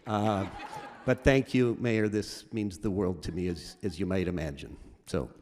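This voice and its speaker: A middle-aged man giving an award acceptance speech, halting and emotional, with many fillers and restarts. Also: low voice, steady tone, a little mellow, slight background noise. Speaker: award recipient. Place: large event hall. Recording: reverberant hall with audience.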